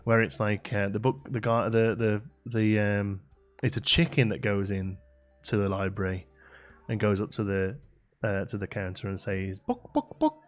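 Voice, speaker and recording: A man's voice: fairly low pitch, little pitch movement, normal speed, faint music behind. A man hosting a live late-night game stream, chatting casually with viewers, rambling with lots of fillers and laughing often. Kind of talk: casual chat to a live audience. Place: home streaming setup with a green screen.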